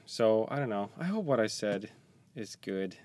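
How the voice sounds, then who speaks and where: Weary podcast guest, a man with a lowish voice, soft and halting with dry jokes. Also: lively intonation, no echo. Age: young adult to middle-aged, a parent. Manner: soft-spoken, halting, reflective with joking asides. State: tired. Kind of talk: casual podcast chat. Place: small closet studio.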